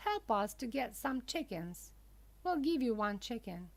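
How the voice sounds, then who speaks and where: Woman doing sly little thieving martens in a kids' story, wheedling, slow. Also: a little high, big pitch swings, gravelly, full character voice.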